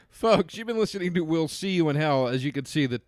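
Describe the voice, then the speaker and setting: A man's voice: a little high, lively intonation, normal speed, darkish tone, no echo. Crude wisecracking man on a dry mic. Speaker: podcast co-host. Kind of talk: comedy podcast banter.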